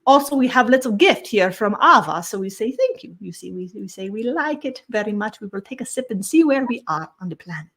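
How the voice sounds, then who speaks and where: A woman voicing an ageless otherworldly star-being, speaking slowly in a sing-song way with broken grammar and a constant "you see". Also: medium pitch, pitched above the performer's own voice. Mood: greeting. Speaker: channeled guide. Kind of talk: spiritual channeling session.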